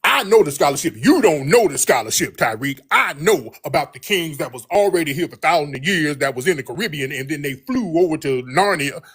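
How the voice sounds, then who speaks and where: A man's voice: on the high side, lively intonation, brisk, few pauses, a bit bright, slightly rough, exaggerated voice. A man imitating a pompous, hostile male caller who rambles about secret documents, in a smug, condescending voice.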